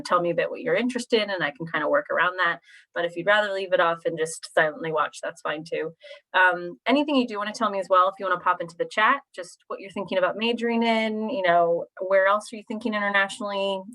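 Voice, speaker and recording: American woman, 30s, chatty presenter on a video call, lowish voice, lots of ums. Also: fast talker, a bit bright. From Pennsylvania. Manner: chatty, friendly, lots of fillers. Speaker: university recruitment presenter. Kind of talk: informal online presentation.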